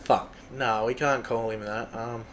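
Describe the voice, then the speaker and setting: A young adult Australian man hosting a solo podcast, thinking aloud in a halting, muttering way with a lot of swearing. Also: medium pitch, fairly even intonation, a bit bright, a little hiss or hum. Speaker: podcast host. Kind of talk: casual solo podcast chat.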